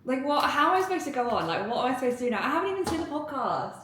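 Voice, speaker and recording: A woman vlogging casually at home, excitable and giggly, rambling with lots of fillers. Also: sits high, very fast, a little hiss or hum. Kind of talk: casual vlog chat to camera. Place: indoors at home, getting ready. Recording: echoey room.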